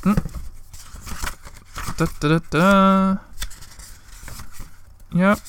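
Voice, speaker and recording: A man reading a children's story aloud, with relaxed, chatty asides in between. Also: high voice, extremely slow, slight background noise. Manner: relaxed, chatty, self-deprecating.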